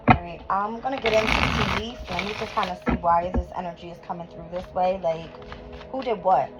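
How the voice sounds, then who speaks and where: A woman giving a live tarot reading to her viewers, emotional and quick to swear and laugh, hot and sweating in a room at home. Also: lowish voice, steady tone. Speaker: tarot reader. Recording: dull lo-fi recording with music behind.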